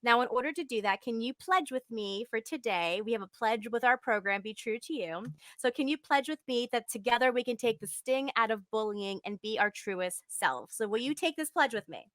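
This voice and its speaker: A woman's voice: on the high side, expressive, normal speed, hardly any pauses, a bit bright, dry recording. A young woman hosting a live video podcast interview, bubbly and gushing, laughing often. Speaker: podcast host and acting coach. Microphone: video call.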